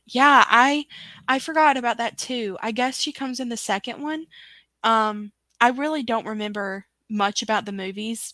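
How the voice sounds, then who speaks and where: A woman's voice: mid-range voice, fairly bright tone, no echo. A woman hosting a casual livestream chat, reading viewer comments aloud in a chatty way. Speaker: book club host.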